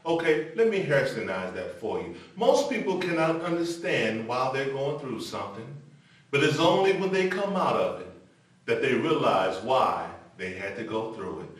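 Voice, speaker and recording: An older man preaching a televised sermon. He moves between impassioned exhortation and a quieter personal testimony. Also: medium pitch, very animated, moderate pace. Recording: echoey room from a distance.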